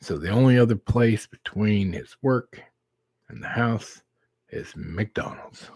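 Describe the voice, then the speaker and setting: A middle-aged man hosting a live stream, telling a casual story slowly and acting out the dialogue. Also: on the low side, animated, vocal fry, darkish tone, dry recording. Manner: slow, drawn-out storyteller who acts out quoted dialogue.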